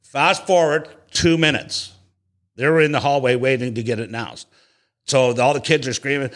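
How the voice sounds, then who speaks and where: A man's voice: medium pitch, normal speed. A man hosting a casual chat, telling a long, rambling story with lots of restarts and swearing. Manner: rambling, profane, animated storyteller with many restarts.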